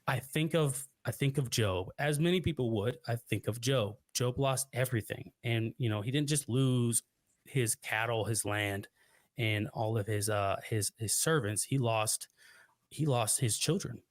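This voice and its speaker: A man's voice: mid-range voice, measured pace, no echo. A young man telling a personal story as a podcast guest, earnest and reflective, often restarting his sentences.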